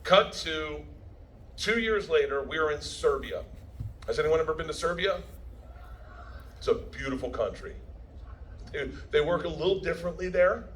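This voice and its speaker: Loud, profane comedian telling stories. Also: male voice, fairly high pitch, expressive, normal speed, long pauses, poor audio. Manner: loud, profane, laughing as he tells it. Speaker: comedian addressing a premiere crowd. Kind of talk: rowdy live stand-up storytelling.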